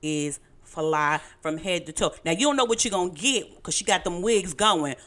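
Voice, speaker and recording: A middle-aged woman with a Brooklyn accent, co-hosting a casual podcast chat, animated and teasing, laughing often. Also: on the low side, moderate pace. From Brooklyn, New York. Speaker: podcast co-host.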